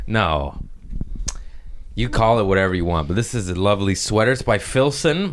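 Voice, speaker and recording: A man with a very low, deep voice hosts a loose comedy podcast. He rambles and curses freely, jumping from one riff to the next in an animated way. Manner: rambling, profane, animated riffing. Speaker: podcast host. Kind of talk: casual comedic podcast chat.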